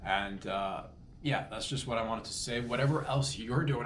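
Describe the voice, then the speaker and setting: A man's voice: mid-range voice, moderate pace. A man hosting a comedy podcast, talking in a casual, rambling and earnest monologue that keeps interrupting itself. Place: Toronto. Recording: echoey room with faint background noise.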